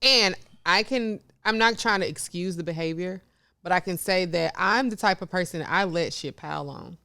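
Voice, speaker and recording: A woman's voice: lowish voice, normal speed, pushed and bright, smooth. A woman co-hosting a podcast in casual chat, blunt and outspoken, swearing freely. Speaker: podcast co-host.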